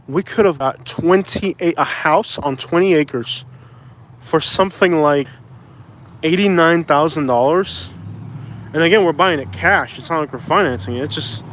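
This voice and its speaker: A man's voice: fairly high pitch, moderate pace, a bit bright, a little hiss or hum. A man in his thirties chatting casually on a live stream outdoors by a bridge, rambling and arguing back at viewers. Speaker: vlogger doing a live stream.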